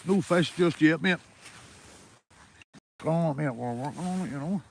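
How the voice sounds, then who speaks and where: A man's voice: fairly high pitch, measured pace, creaky, long pauses, a little hiss or hum. A Northern Irish man livestreaming while fishing outdoors, chatting casually to viewers, swearing freely and calling them mate. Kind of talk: casual chat to live viewers. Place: outdoors by the water.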